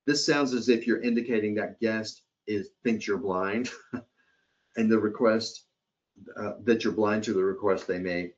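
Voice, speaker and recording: Low-voiced man giving a training webcast. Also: lively intonation, unhurried. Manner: conversational, checks in with "okay?". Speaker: hospitality trainer. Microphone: computer or headset mic on a webcast. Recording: dull lo-fi webcast audio.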